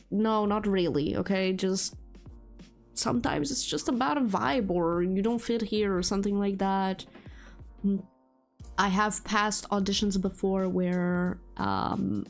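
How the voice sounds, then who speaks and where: A woman with a non-native English accent, chatting casually with viewers on a live stream, giggling often. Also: mid-range voice. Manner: chatty, giggly, answers chat. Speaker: VTuber streamer.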